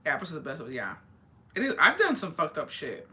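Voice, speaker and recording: A woman's voice: deep voice, wildly swooping pitch, brisk, pushed and bright. A young adult woman telling a school story in casual chat, rambling, blunt and full of swearing. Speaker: streamer.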